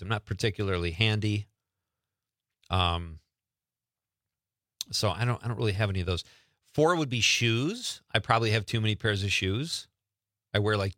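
A man's voice: fairly low pitch, bright, forceful tone, dry recording, clean studio sound. A man hosting a show, chatting casually and joking at his own expense. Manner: chatty, joking, self-deprecating. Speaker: show host. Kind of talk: casual radio-style chat.

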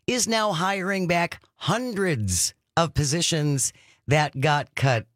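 A man's voice: on the high side, takes it slowly, fairly bright tone, dry recording. A man co-hosting a political talk show, making dry, sarcastic remarks and reading news items. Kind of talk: opinionated political chat.

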